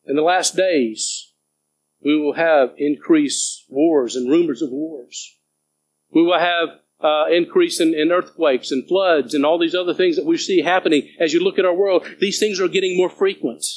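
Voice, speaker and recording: A man's voice: fairly high pitch, fairly even intonation, moderate pace, rough recording. A man preaching a sermon to his church as pastor, earnest and urging, reading scripture aloud between stories.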